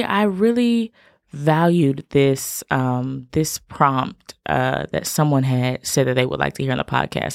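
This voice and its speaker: Low, gravelly woman podcast host. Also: a little mellow, no room sound, studio quality. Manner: chatty and encouraging, talks straight to listeners. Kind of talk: casual podcast monologue.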